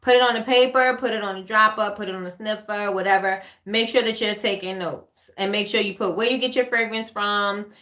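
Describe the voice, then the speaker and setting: A woman with a New York accent hosts a relaxed livestream Q&A, her voice bright and forward. She talks in a loose, chatty way, repeats phrases, and reads viewer comments aloud between tips. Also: medium pitch, brisk, hardly any pauses, reverberant. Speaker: livestream host, candle maker. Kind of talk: casual livestream Q&A. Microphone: webcam or phone livestream.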